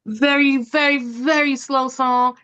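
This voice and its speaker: A woman's voice: sits high, takes it slowly, smooth, muffled recording. A woman co-hosting a casual music podcast, speaking emphatically and imitating drum beats as she talks. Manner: animated, mimics drum sounds, emphatic. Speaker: podcast co-host.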